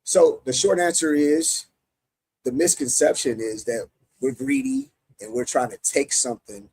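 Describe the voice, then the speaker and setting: A man's voice: mid-range voice, very animated, unhurried, darkish tone, slightly rough, no echo, low-quality recording. A middle-aged American man, a union president, answering interview questions emphatically, often restarting his sentences. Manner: emphatic, many repeated restarts.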